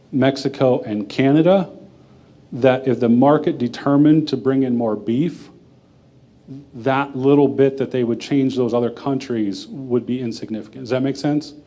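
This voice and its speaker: A man's voice: mid-range voice, dark tone. A man speaking plainly and conversationally, answering audience questions at a forum. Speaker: guest speaker.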